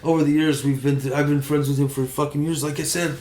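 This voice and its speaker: A man, a tattoo artist guest, telling stories in an animated, profane, casual way. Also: a little high, fast. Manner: animated, profane, self-taught pride. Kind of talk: casual storytelling. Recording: echoey room.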